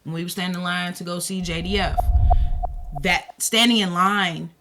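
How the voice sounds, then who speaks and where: A woman chatting casually on a podcast, telling animated stories with quick asides. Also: fairly low pitch, background noise.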